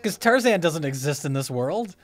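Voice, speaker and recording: A man's voice: on the high side, lively intonation, moderate pace, very noisy. Easygoing man in movie commentary. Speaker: film commentary host.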